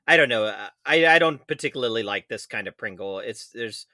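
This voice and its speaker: A man co-hosting a casual snack-tasting podcast, giving blunt, dry reviews and quick put-downs. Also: mid-range voice, lively intonation, sharp tone, dry recording. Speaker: podcast co-host, snack taster. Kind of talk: casual comedic chat.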